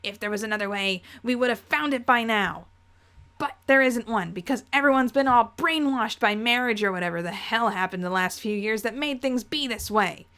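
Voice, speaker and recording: A woman's voice: fairly high pitch, moderate pace, sharp tone. A woman doing an earnest young man, accusing. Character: stubborn young man confronting his family.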